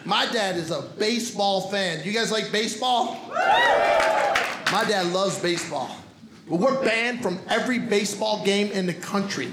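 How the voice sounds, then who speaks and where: A male stand-up comic from Brooklyn, his voice high and swinging widely in pitch. He tells streetwise stories with punchy timing, caught live in a roomy club recording with noise underneath. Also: wildly swooping pitch, a little slow. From Brooklyn, New York. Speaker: stand-up comedian. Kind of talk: stand-up comedy set. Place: comedy club stage.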